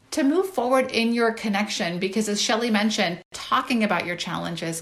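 A woman's voice: medium pitch, a bit bright. A woman in her thirties leads a talk on parenting, sharing tips and stories from her own home. Her voice sits in a mid range, and she speaks in a casual, conversational way. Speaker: parenting webinar host.

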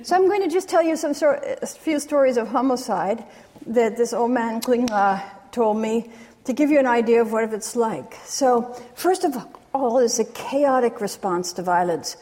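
Woman lecturer, higher register, calm academic storytelling in a reverberant hall. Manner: measured, retelling stories with pauses. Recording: long reverb of a large hall.

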